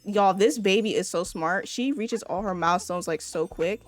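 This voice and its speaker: A woman commenting on her own gameplay in a loose, talkative way, her voice sitting at an ordinary middle pitch. She keeps speaking straight to the audience and breaks in with quick excited reactions. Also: faint music behind. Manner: chatty, addresses viewers as y'all, excitable exclamations. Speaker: let's play creator.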